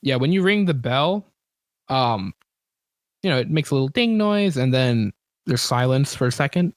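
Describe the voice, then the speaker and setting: A man's voice: mid-range voice, expressive, moderate pace, dry recording, clean studio sound. A man narrating a tabletop game as game master, casual and rambling, with many fillers and self-corrections.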